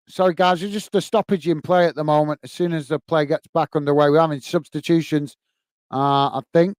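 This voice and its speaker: A man from England hosting a fan watch-along, giving excited live match commentary and reading out chat comments. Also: on the high side, clear, resonant tone, no room sound.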